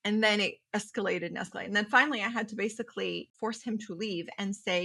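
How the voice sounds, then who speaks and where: A woman from Syria speaks as a podcast guest in a casual, animated way, acting out dialogue in changing voices. Her voice is bright and forward, pitched in the middle for a woman. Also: fast talker, gravelly, few pauses. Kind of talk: storytelling in casual conversation.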